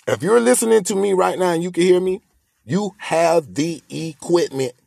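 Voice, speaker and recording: Emphatic man with a gravelly voice. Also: high-pitched, moderate pace, a little mellow, dry recording, studio quality. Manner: preachy, repetitive, emphatic. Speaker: podcast host. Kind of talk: motivational monologue.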